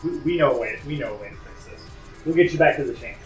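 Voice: medium pitch, animated, racing, darkish tone, echoey room, distant mic, faint music behind. A game master narrating a tabletop role-playing game in a playful way. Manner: playful, laughs while narrating.

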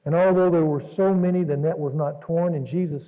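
A man pastor delivering an earnest, dramatic sermon, jumping between raised exclamations and hushed asides. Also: on the high side, steady tone, a little fast, few pauses. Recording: dull recording in a reverberant hall.

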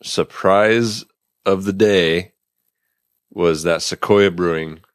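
A man co-hosting a casual chat, telling stories in a relaxed way and laughing often. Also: low voice, slow pace, no echo, clean studio sound. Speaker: podcast co-host.

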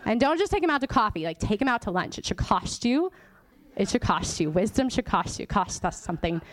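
A woman's voice: medium pitch, big pitch swings, brisk. A woman giving a sermon in a chatty, informal way, laughing often and dropping to a whisper to make a point. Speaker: guest church teacher. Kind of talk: conversational sermon.

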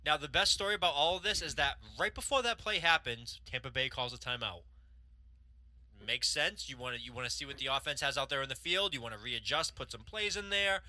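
Sharp-voiced man in lively chat. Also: mid-range voice, a little fast, no room sound. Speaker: podcast co-host. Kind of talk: casual chat.

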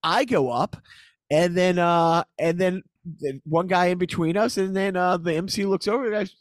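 A man's voice: high-pitched, moderate pace, no echo, clean studio sound. A middle-aged man, a comedian, telling a story in casual chat, laughing often and acting out what people said. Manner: animated, laughing, acts out quotes.

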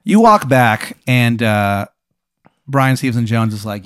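A man's voice: medium pitch, very animated, a little slow, a bit bright, clean tone, no room sound, studio quality. A man spinning an improvised comic hypothetical, rambling and profane, full of fillers. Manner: rambling, profane, lots of fillers and silly voices. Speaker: podcast host posing a hypothetical. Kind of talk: improvised comedic storytelling.

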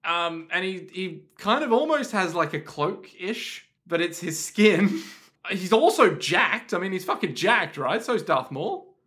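Excitable man with wildly swinging pitch. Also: measured pace. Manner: excitable, swings pitch widely, laughs and swears often. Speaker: podcast co-host. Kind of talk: casual comedic chat.

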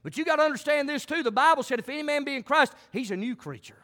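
A man preaching a folksy country sermon, building up to shouted, fervent passages. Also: very high-pitched, lively intonation, fast talker. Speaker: pastor.

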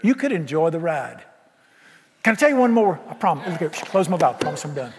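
In a church sanctuary, a male pastor delivers a sermon with brisk, sing-song energy, folksy and exuberant, constantly quizzing the crowd. His pitch runs a bit high for a man, and the hall gives his voice a long, ringing reverb.

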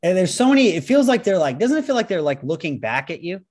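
A young man chats along casually, hedging with plenty of fillers and easy agreement. His voice sits a little high for a man. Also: big pitch swings, fast talker, darkish tone. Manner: hesitant, many fillers, agreeable. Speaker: podcast co-host. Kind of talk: casual comedic chat.

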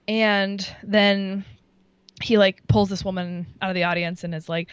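A woman's voice: lowish voice, fairly even intonation, moderate pace, no echo, highs cut off. A woman telling a story in casual chat, talking in a loose, chatty way full of likes and ums. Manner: chatty, filler-heavy with many likes and ums. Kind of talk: casual chat, recounting a show.

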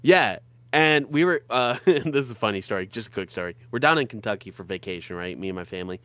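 A man's voice: fairly low pitch, animated, quick pace, pushed and bright, clean tone, no room sound. A young man with a Michigan accent co-hosting a podcast in casual chat, rambling through stories and laughing often. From Michigan, USA. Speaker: podcast co-host.

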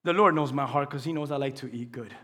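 A male pastor preaching a sermon in a church, asking the congregation questions and swinging between quiet teaching and loud, impassioned passages. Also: medium pitch, fast talker. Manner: asks the congregation call-and-response questions. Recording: long hall reverb.

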